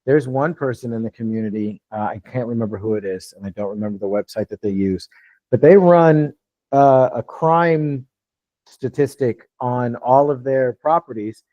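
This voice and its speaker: A man's voice: mid-range voice, moderate pace, dark tone, no echo, lo-fi sound. A man in his fifties coaching a live online Q&A on real estate investing, talking casually and plainly in his lighter "customer service" voice, often checking in with "you know what I'm saying.". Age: 50s. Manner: talks in a lighter "customer service voice" than his usual one.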